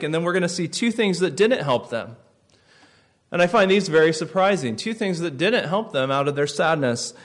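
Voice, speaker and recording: A male pastor giving a sermon, telling the story vividly and dropping to soft, slow phrases for effect. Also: fairly high pitch.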